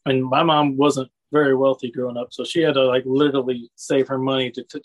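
In a casual chat over poor audio, a rambling storyteller reminisces about wrestling, laughs a lot, and keeps saying "you know what I mean." He speaks slightly fast at a medium pitch with little pitch movement.

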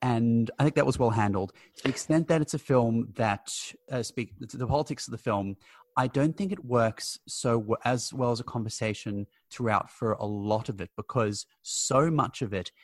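A man discussing a film in casual conversation, analytical and critical, speaking in a measured way. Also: medium pitch, no echo. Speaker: film podcast panelist.

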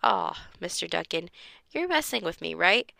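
A cocky young boy from a storybook, as a woman reads him aloud. He brags and whines in a bright voice with a gravelly edge. The sound is dry and close. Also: lowish voice, big pitch swings, moderate pace, no room sound, heavily acted. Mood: boastful. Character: jokey boastful young boy.

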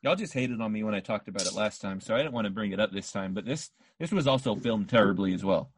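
Lively, husky man ranting about a film. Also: lowish voice, quick pace. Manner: blunt, ranting, scornful of the film. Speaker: podcast co-host. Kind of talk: casual movie-review chat.

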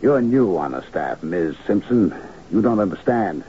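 A mellow, dark-toned manager, urgent and explanatory, whose pitch rises and falls with emphasis. He is heard through a dull, dated radio recording. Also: lively intonation, moderate pace, slight background noise. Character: worried, calculating male manager. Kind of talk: vintage radio drama acting.

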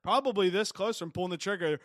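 A young man with a somewhat high voice co-hosts a laid-back podcast, spinning rambling stories packed with swearing and "dude". The sound is dry and close. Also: fast talker, fairly bright tone, no room sound. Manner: rambling storyteller, swears often, says "dude". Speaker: podcast co-host. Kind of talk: casual podcast chat.

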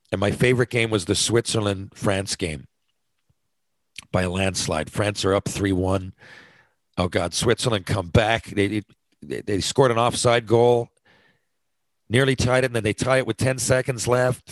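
Podcast host, male, lowish voice, dry close sound, rambling self-deprecating monologue. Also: steady tone, moderate pace, no echo, rough recording. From North America. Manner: chatty, self-deprecating, many fillers and restarts.

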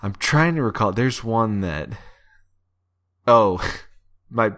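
A man co-hosting a casual film podcast, hesitant and measured, with many ums and pauses. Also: fairly low pitch, expressive, fairly bright tone. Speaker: podcast co-host.

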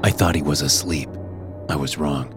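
A man with an extremely deep, low voice reads a first-person horror story in a hushed, somber manner. Clear music plays behind him. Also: normal speed. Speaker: narrator.

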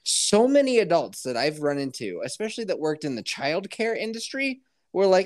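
A woman's voice: lowish voice, very animated, normal speed, darkish tone. A woman co-hosting a casual podcast who teases, laughs often and puts on mocking voices. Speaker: podcast co-host. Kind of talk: casual chat.

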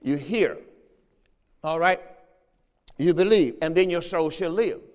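Preaching pastor in a reverberant hall. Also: male voice, a little high, takes it slowly, a little mellow. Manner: preaching with call-and-response asides; reads scripture aloud in a raised voice. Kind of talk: sermon. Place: church.

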